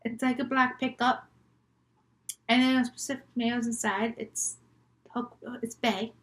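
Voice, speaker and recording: A woman's voice: a little high, little pitch movement, a little slow. A young woman vlogger telling made-up scary stories in a chatty, rambling, giggly way. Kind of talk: casual storytelling vlog.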